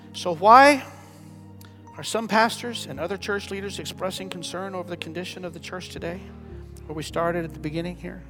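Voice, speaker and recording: A male pastor preaching a sermon, swinging from hushed, quiet passages to loud, emphatic calls. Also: mid-range voice. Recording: long church reverb with soft music.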